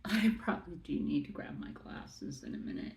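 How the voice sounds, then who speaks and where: A woman chatting through a makeup unboxing, excitable and rambling, with many asides. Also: sits low, normal speed, gravelly, poor audio. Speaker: beauty vlogger. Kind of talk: casual unboxing chat.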